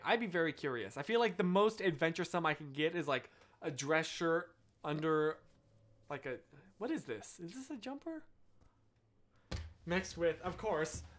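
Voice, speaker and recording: A young American man hosts a casual live stream and talks straight to his viewers. His voice sits a bit high for a man. He drifts from tangent to tangent, cuts himself off mid-thought and keeps apologizing for it. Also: a bit bright. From United States. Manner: rambling, self-interrupting, apologetic asides. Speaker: livestream host.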